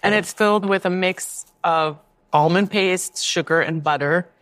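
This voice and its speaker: A woman's voice: lowish voice, measured pace, fairly bright tone. A woman who is a baker and guest, explaining things in an easygoing, conversational way. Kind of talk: casual interview conversation.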